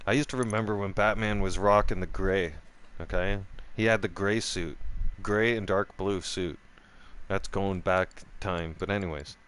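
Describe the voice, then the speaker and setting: A man's voice: steady tone, moderate pace, fairly bright tone, clear, resonant tone. A middle-aged man telling a rambling, profane story in a casual vlog rant, restarting his sentences often. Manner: voice jumps up high when quoting himself. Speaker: gaming vlogger.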